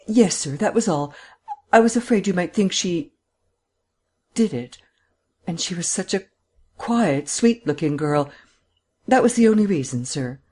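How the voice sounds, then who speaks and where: A man's voice: sits high, expressive, measured pace, pauses often, warm tone, breathy edge, voice pushed up, exaggerated voice. A man reading an audiobook, voicing a frightened and obstinate middle-aged housekeeper who turns eager and pleading. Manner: dogged, then eager and pleading.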